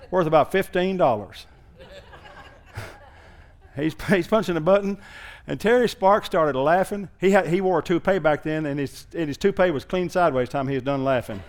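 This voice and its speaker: Male pastor, fairly high voice, folksy storytelling sermon with shouted peaks.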